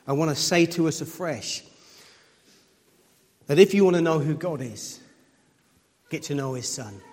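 A man's voice: fairly high pitch, in a large hall. A man preaching a sermon in a church, repeating words and building up to emphatic peaks, acting out the people in his stories.

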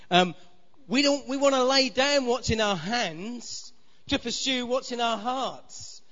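A man's voice: high-pitched, fairly bright tone, in a large hall, highs cut off. A man preaching a sermon as pastor, his emphasis rising and falling. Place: church.

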